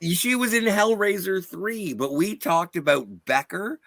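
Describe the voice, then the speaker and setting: Gravelly bright-voiced guy on an online panel, stops and starts a lot. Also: sits high, dry recording, clean studio sound. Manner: halting, with many fillers and restarts. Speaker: livestream panelist. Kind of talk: panel debate and anecdote.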